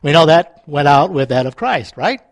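A man's voice: on the high side, animated, moderate pace, no echo. A man pastor preaching a conversational sermon, with playful asides and laughter between scripture readings.

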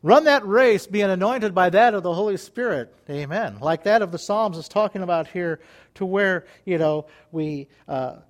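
A man's voice: sits high, expressive, moderate pace. A man preaching a sermon as pastor, folksy and joking, reading scripture aloud between his comments. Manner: folksy and joking, laughs at his own asides.

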